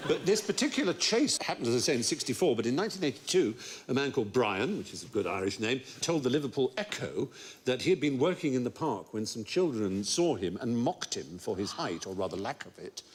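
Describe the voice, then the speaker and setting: A man's voice: medium pitch, very animated, a little fast. A man on a comedy panel show telling playful stories and slipping into mock voices for laughs. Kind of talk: comic storytelling on a panel show.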